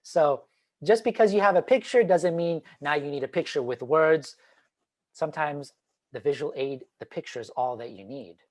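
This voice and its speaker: A man giving an online talk on teaching, animated and demonstrative, swinging between loud and quiet. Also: a little high, moderate pace. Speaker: teacher trainer. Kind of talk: online presentation. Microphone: video call.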